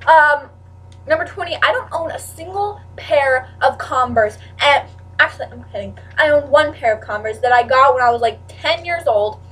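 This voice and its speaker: A teenage girl chatting casually to camera in a rambling way, full of "like" and with sudden loud outbursts. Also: sits high, animated, normal speed, distant mic, soft background music, low-quality recording. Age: teens. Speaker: vlogger.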